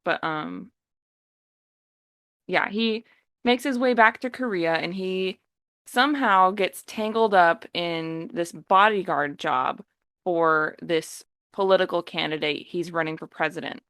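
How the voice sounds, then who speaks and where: Woman, fairly low voice, lively storyteller, acts out quotes, dry close sound. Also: unhurried, clean tone, dry recording. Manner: animated storytelling, acting out quotes. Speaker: podcast co-host. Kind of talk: casual podcast chat.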